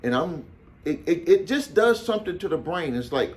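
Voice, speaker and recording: A man's voice: fairly high pitch, big pitch swings, normal speed. A man coaching small business owners, telling a client story casually to camera, often repeating phrases for emphasis.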